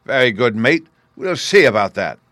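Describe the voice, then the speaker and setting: A man's voice: medium pitch, lively intonation, normal speed, dry recording, close to an everyday voice. A man reading as a snarling half-drunk seaman. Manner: sulky, snarling. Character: surly half-drunk male seaman blackmailer.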